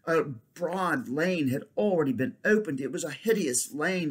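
Man, husky voice, reading a storybook aloud, steady pace with stumbles and restarts. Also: on the high side, moderate pace, few pauses. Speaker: reader. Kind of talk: reading a children's novel aloud.

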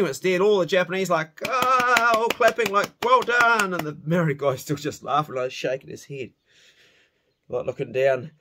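A middle-aged man telling a rowdy personal story in a casual spoken way, swearing freely and laughing at himself. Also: medium pitch.

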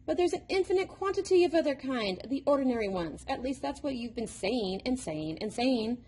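A woman's voice: lively intonation, brisk, dark tone, slightly rough. A woman voicing an exasperated young boy who hates math, with a whiny, protesting manner, in a storybook reading. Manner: whiny, protesting, rising pitch.

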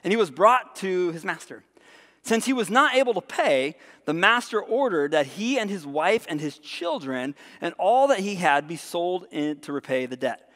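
Animated male pastor preaching in a reverberant hall. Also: high-pitched, normal speed. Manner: animated, conversational preaching with frequent "right?" asides. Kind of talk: sermon. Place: church sanctuary.

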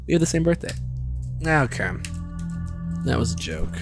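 A young man streaming a video game, swearing and joking excitably as he plays. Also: mid-range voice, normal speed, creaky. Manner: profane, excitable, jokey. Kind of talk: gaming commentary. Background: game music.

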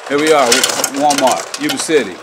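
Inside a big retail store, a man records himself on his phone during an angry confrontation, his medium-pitched voice expressive. He's heated, swearing and talking fast, with loud store ambience filling the background.

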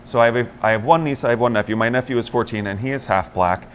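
A man's voice: mid-range voice, fast, slight background noise. A man co-hosting a morning talk show in casual chat, telling stories and acting out the lines of people he quotes. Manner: animated storyteller, acts out quotes in other voices.

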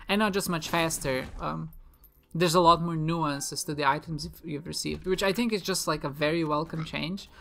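A woman's voice: deep voice, normal speed, vocal fry, a bit bright. A woman giving casual, rambling let's-play commentary while she plays, chatty and self-deprecating, often giggling and restarting her sentences. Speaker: gaming video creator. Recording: faint music behind.

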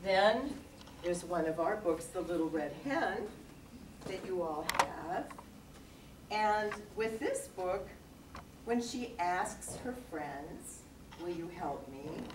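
Slow-talking woman teaching read-alouds. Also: on the low side. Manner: lively, breaks into little songs. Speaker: read-aloud workshop presenter. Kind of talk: teaching with sung story examples. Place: workshop room. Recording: echoey room, mic far off, noisy.

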